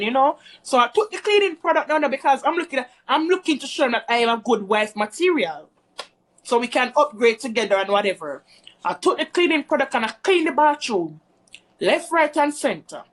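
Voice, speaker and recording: Brief: high-pitched woman vlogger, casual rambling storytime, chatty with her viewers. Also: lively intonation, fairly quick.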